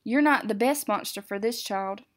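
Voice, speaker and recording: A woman voicing a formal, strict male monster teacher who lays out rules in a measured, instructive way. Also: medium pitch, natural voice.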